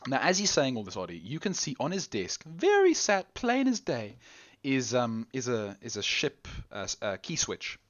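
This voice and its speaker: A man narrating a tabletop game as game master, halting and restarting often. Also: medium pitch, huge pitch swings. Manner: halting, with many restarts and laughs.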